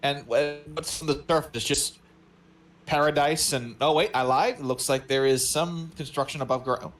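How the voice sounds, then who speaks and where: A man's voice: fairly high pitch, steady tone, moderate pace, a bit bright. A man co-hosting a movie watch-along, rambling and joking as he searches for words. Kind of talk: casual chat.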